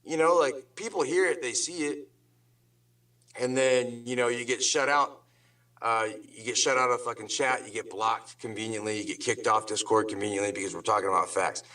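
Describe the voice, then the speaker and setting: A man's voice: mid-range voice, steady tone, moderate pace, sharp tone, distant mic, rough recording. A man on a talk show ranting angrily and sarcastically, swearing constantly in loose slang. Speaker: guest on a drama talk show. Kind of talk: heated profane rant.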